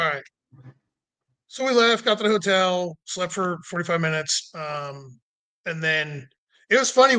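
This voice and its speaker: With no room sound behind him, a man in a fairly high, bright, forceful voice tells a long road trip story casually. He rambles, saying "like" and "you know" a lot, and acts out people's words with a rising voice.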